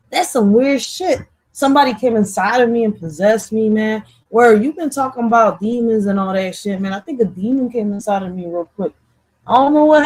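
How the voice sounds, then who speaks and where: A woman with a somewhat high voice hosts a casual livestream. She talks in an animated, loose way, swears a lot and keeps laughing. She speaks right to the people in her chat. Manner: animated, laughing, profane, addresses the chat directly. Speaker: livestream host.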